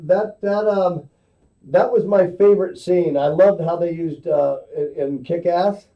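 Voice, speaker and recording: A man's voice: high-pitched, a little slow. A man co-hosting an online radio show in casual chat, rambling and hesitant, laughing easily. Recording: distant lo-fi webcast audio.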